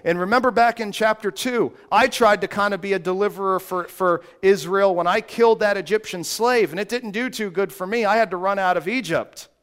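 A man preaching, voicing an excited, flustered Moses who talks fast and stammers. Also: high-pitched.

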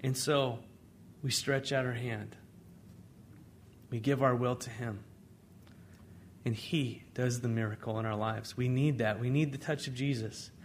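A man preaching a sermon as pastor, in a conversational way, swinging between loud emphasis and hushed asides. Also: mid-range voice, steady tone, measured pace, long pauses, slight background noise.

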